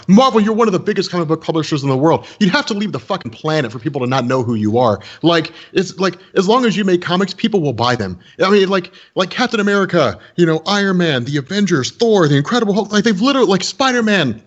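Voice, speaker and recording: Speaking high, fast and animated with barely a pause, this man co-hosts a comics podcast and makes comics videos. He goes on a blunt, casual rant, swearing, rambling and repeating himself. The recording has its highs cut off.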